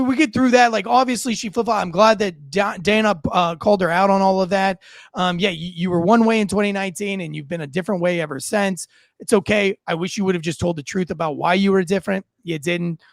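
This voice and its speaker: A man with a very high-pitched voice rants as podcast host, heated and profane. He stumbles and repeats himself as he works himself up. The sound is dry and close. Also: gravelly, fairly bright tone, no room sound. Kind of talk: ranting commentary.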